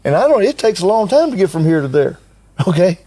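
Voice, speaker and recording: A man's voice: high voice, very animated, brisk, warm tone, no echo. An older man telling a story in casual conversation, acting out what others said and chuckling often. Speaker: team member recounting a trip.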